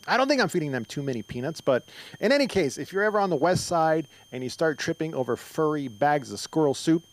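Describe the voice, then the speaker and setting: A man's voice: a little high, lively intonation, fast talker, low-quality recording. Middle-aged man, stand-up comic, from Mexico, rambling delivery, stage mic. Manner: rambling, filler-heavy storytelling with frequent restarts. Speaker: stand-up comedian. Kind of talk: stand-up comedy set. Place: comedy club stage.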